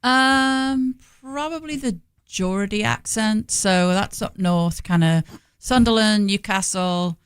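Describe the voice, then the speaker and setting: A woman's voice: medium pitch, takes it slowly, smooth, no echo. English lady w/ stoke accent chatting as a guest, easygoing, dry mic. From England, Stoke. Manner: chatty, agreeable. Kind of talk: casual chat.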